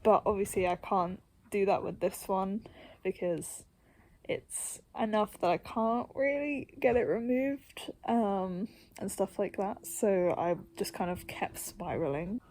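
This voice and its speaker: A woman's voice: medium pitch, lively intonation, slow pace, a little mellow. A young woman vlogging to camera in a rambling, self-deprecating way, laughing often and half-whispering at times. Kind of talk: casual to-camera chat.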